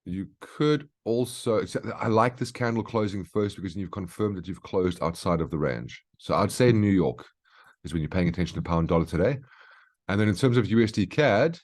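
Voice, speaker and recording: Deep and a little mellow, his voice is lively and moves at a moderate pace. He's the market analyst host of a daily brief, explaining price charts live in a casual way and checking in with "okay?" often.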